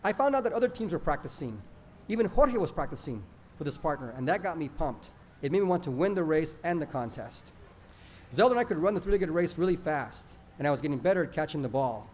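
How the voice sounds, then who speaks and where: Man, storyteller, plainspoken, slightly high voice, lively retelling. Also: fast talker, a little hiss or hum. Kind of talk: first-person story narration.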